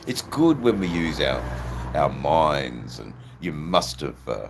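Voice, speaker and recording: A middle-aged Australian man with a persistent cough, hosting a casual livestream in a slow, rambling way with frequent ums. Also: rumbling low, sing-song, slight background noise. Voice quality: gravelly. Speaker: livestream host. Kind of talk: casual livestream chat reading comments.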